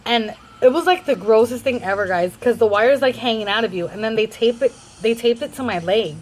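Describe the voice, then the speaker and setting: A woman's voice: on the high side, fairly quick, poor audio. A young adult woman vlogger rambling through a casual storytime in a chatty way.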